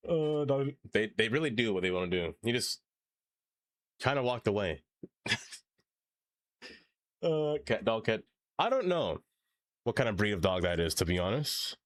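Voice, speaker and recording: A man's voice: on the low side, very animated, a little slow, pauses often, no echo, clean studio sound. A man live-streaming, chatting casually with his viewers and pets, laughing often and rambling. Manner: giggly, rambling, talks to chat and pets.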